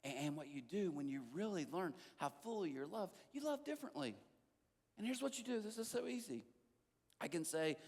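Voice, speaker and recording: A middle-aged male pastor telling a personal story in a sermon, swinging between loud bursts and hushed asides. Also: high-pitched, animated, fairly quick, big-room sound. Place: church auditorium.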